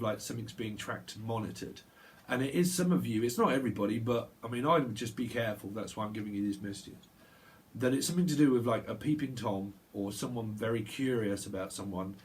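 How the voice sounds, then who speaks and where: A man's voice: medium pitch, fairly quick. A man giving a solo tarot reading, talking in a loose stream of consciousness, repeating sounds and laughing to himself. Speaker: tarot reader. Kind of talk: rambling intuitive tarot monologue. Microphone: solo video recording.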